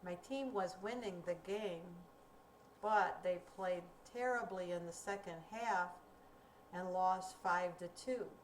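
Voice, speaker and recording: A woman teaching a recorded grammar lesson, speaking slowly and clearly in a deliberate teaching manner. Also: fairly low pitch. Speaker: ESL teacher. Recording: roomy, distant mic with faint room noise.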